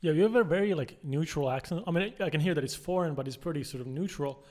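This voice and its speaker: A man's voice: fairly high pitch, fast talker, darkish tone. A man hosting an interview podcast, asking his guest questions in a friendly, curious way. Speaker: podcast host. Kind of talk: casual interview chat.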